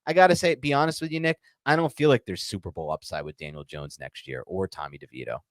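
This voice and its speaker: A man co-hosting a sports podcast talks quickly in a low voice, and the recording is dry. It's casual sports chat, and he speaks frankly and animatedly, acting out quotes as he goes.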